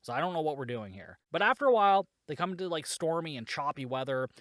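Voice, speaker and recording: A man's voice: fairly high pitch, a bit bright, no room sound, studio quality. A man hosting a podcast, recapping and reviewing a movie in a casual, sarcastic way, swearing a lot and saying "like" often. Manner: sarcastic and heavily profane; frequent filler "like". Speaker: podcast host.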